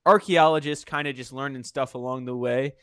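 A man's voice: mid-range voice, steady tone, fairly quick, a bit bright, clear, resonant tone, no room sound, clean studio sound. A young man co-hosting a casual podcast, upbeat as he lays out the rules of a game. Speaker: podcast co-host. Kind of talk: casual chat.

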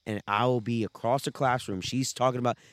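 A young man co-hosting a casual podcast, telling stories loudly, swearing a lot and laughing often. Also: mid-range voice, fairly even intonation, brisk. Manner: loud, profane storytelling, laughs often. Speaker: podcast co-host.

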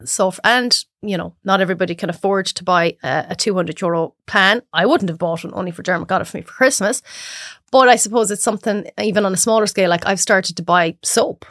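A woman with an Irish accent, a cook chatting as a podcast guest, telling animated stories and acting out other people's voices. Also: mid-range voice, fast, no room sound, studio quality. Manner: animated storyteller who acts out voices. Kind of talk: casual chat.

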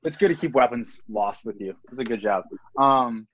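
A man's voice: medium pitch, moderate pace, dull audio, a loud crowd. A young man hosting a podcast in casual chat, rambling with lots of filler words. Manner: rambling, lots of "like" and "you know what I mean". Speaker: podcast host.

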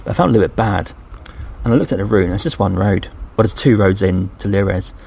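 Fairly low-pitched and fairly quick, with vocal fry, an English man hosting a podcast chattily describes a day of trail walking. He becomes animated when quoting the people he encountered, and a slight hiss or hum sits in the recording.

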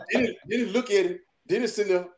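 A man's voice: high voice, fast. A man, a barber, telling a shop story in a casual group chat, laughing and acting out the voices of the people in it. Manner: animated, laughing, acts out voices.

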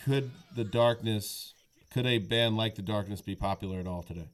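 A man's voice: lowish voice, normal speed, soft background music. A man in his thirties co-hosting a podcast, teasing his friend and chatting loosely about an album. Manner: playful, swearing, teasing. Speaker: podcast co-host. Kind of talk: casual chat about music.

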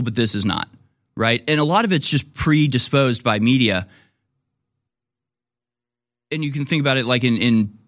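A man's voice: medium pitch, fairly bright tone, no echo, clean studio sound. A man hosting a talk radio show, rambling in a casual monologue and now and then acting out other people.

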